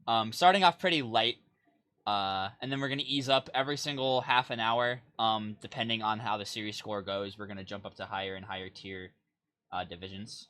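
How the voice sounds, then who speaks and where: A man's voice: lowish voice, fairly quick, pushed and bright. A young man casting an online car soccer match live from his home stream setup, chatty and self-deprecating, calling plays between asides. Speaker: esports caster. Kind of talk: casual game commentary. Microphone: desk mic with face cam.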